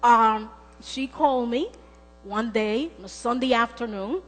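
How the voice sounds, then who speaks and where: A woman's voice: fairly high pitch, unhurried. Middle-aged woman preaching in echoing church. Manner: earnest, storytelling with acted quotes. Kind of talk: sermon. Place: church sanctuary. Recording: long church hall reverb with mains hum and faint music.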